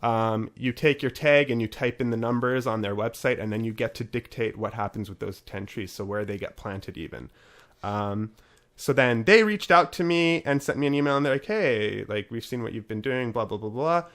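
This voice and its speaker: Guy hosting a podcast, chatty, upbeat, mid-pitched voice. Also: normal speed, a bit bright. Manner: chatty, upbeat promo delivery. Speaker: podcast host. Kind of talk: casual podcast chat.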